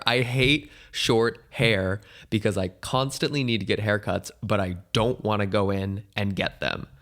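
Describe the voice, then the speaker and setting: Young male podcast host, lowish voice gone hoarse, chatty and self-mocking, rambling. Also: a bit bright. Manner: rambling, jokey, self-deprecating. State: hoarse, weak voice. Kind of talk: casual solo podcast chat.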